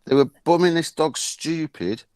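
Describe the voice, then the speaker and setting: A man's voice: on the high side, normal speed, a little mellow, clean tone, no room sound. Crude rambling man, dry sound. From Bradford, England. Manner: crude, rambling, surreal anecdotes. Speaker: guest performer. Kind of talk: profane comic storytelling.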